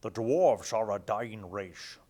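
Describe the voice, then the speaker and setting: A man's voice: on the low side, takes it slowly, warm tone. A man putting on a self-admittedly bad Scottish accent as a gloomy dwarf narrator. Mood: mournful. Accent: put-on Scottish accent.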